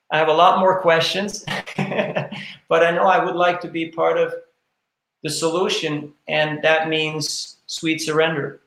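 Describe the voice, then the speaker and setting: A man talks as a podcast guest, telling earnest stories with frequent repetitions. His voice is gravelly and bright, set a little high for a man. The sound carries the echo of a roomy space. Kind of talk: storytelling interview talk. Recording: echoey room.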